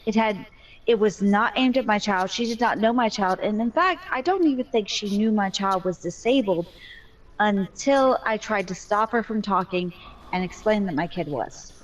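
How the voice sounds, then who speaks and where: A woman's voice: medium pitch, lively intonation, moderate pace, highs cut off. A mother telling her story in a casual voice chat, candid and talkative with a joking streak.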